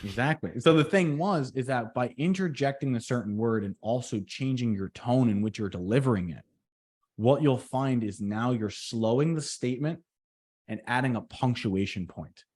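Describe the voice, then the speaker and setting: Deliberate man on a trade podcast. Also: mid-range voice, lively intonation, a little mellow. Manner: deliberate, reflective, speaks slowly on purpose. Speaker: podcast co-host. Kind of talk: casual podcast chat.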